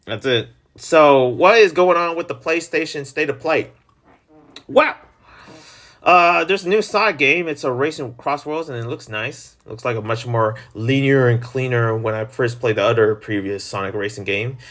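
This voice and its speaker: A man hosting his own channel, chatting casually and rambling about news and video games with jokes and sudden pitch swings. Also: moderate pace, a bit bright. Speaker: channel host. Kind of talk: casual solo gaming chat.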